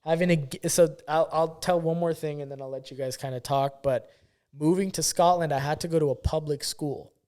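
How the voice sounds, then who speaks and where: A young man from Southern California, hosting a podcast and telling a story in casual chat, animated and swearing freely. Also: a little high, brisk. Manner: animated, swearing, acts out quotes. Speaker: podcast host.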